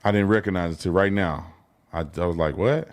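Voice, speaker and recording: A man's voice: low-pitched, brisk. A man talking casually on a stream, rambling and apologizing as he thinks aloud. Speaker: online commentator. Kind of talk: casual livestream talk.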